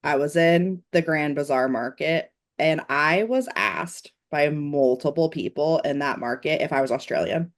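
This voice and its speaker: A woman from the States with a low voice chats casually on a podcast. She is relaxed and wry, tossing in quick supportive replies while her co-host talks. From United States. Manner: relaxed, wry, supportive listener with short backchannels. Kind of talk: casual chat. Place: Portland, United States.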